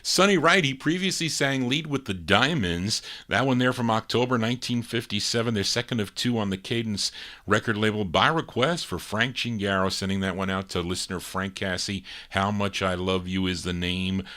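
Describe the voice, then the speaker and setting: A man's voice: lowish voice, normal speed, pushed and bright. A middle-aged man hosting a record show, chatting casually between songs and piling on details about labels, dates and requests. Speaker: radio-style record show host.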